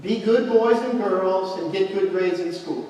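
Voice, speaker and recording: A man's voice: sits high, measured pace, darkish tone. A male pastor preaching a sermon as a storyteller who builds to emphatic points, recorded in a church hall. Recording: echoey hall, mic far off.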